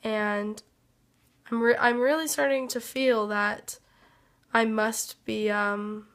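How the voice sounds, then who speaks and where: A woman with a hoarse voice from being sick, giving a hesitant, reflective personal life update as a vlogger. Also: fairly high pitch, fairly even intonation, fairly bright tone. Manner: slow, hesitant and reflective, many pauses and fillers. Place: workplace.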